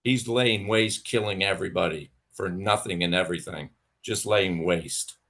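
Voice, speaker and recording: A fairly low-pitched man speaks into a livestream mic. He rants at a rival in a heated, profane, sarcastic way. His outbursts jump high and loud, then drop to low mutters. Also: moderate pace. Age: adult with children. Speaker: livestream host. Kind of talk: angry rant to a rival.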